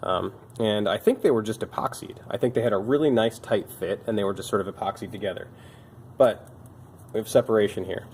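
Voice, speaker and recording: Fairly quick and lowish, with a darkish tone and a touch of hiss or hum, the voice is a young bike shop mechanic's. As a video host doing casual show-and-tell on old bike parts, he's tired and mocks himself with dry humor.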